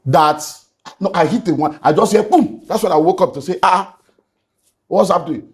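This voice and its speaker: A man's voice: sits high, moderate pace. A middle-aged man with a Nigerian accent, a pastor giving an emotional personal testimony as a guest and slipping into Pidgin. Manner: earnest, slips into Nigerian Pidgin.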